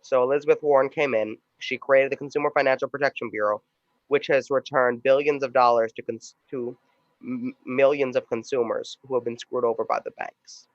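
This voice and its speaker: A man's voice: medium pitch, steady tone, brisk, no room sound. A man hosting a show, casually setting up video clips and talking loosely with some restarts. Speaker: show host. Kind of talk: casual commentary introducing clips. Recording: dull dry lo-fi sound.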